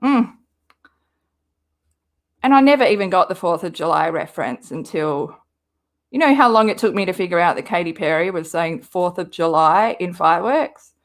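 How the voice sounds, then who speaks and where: Speaking at normal speed with lively intonation and a fairly low pitch, this Australian woman hosts a livestream. She chats loosely with live viewers, wandering from topic to topic as she responds to their comments.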